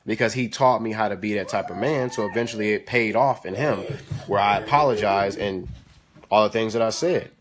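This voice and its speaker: A man's voice: on the low side, fairly quick, music in the background. A young man hosting a casual live stream from home, giving parenting advice and scolding his kids now and then. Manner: animated, stern with kids between advice. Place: home kitchen. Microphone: phone or webcam.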